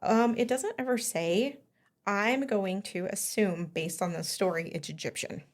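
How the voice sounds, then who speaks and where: A woman's voice: mid-range voice, measured pace. A woman hosting a podcast, casually telling a story with lots of ums and small laughs. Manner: chatty, giggly, many ums. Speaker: podcast host.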